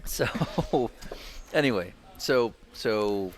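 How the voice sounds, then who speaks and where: A man's voice: medium pitch, expressive, drawn-out words. A man co-hosting a casual dinner conversation, joking around and asking interview questions. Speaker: podcast co-host.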